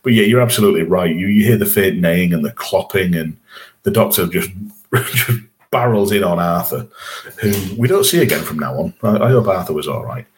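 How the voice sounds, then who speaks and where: Reviewing an episode on a podcast he co-hosts, a man speaks fairly quickly in a low, animated voice, keeping things casual and laughing often.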